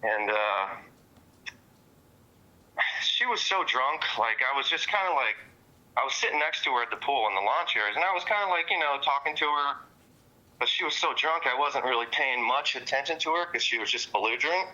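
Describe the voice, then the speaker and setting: A man's voice: mid-range voice, expressive, moderate pace, pushed and bright, muffled recording. A man recounting events to police in a rambling, casual way, full of fillers and cussing. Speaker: witness interviewed by police.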